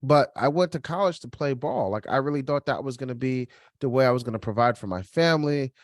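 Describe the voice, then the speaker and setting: A young man co-hosting a podcast, telling a personal story in casual chat, lively and laughing, acting out the voices of others. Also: medium pitch, a little fast, no room sound, studio quality. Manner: animated, acts out quoted voices, laughs while telling. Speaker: podcast co-host.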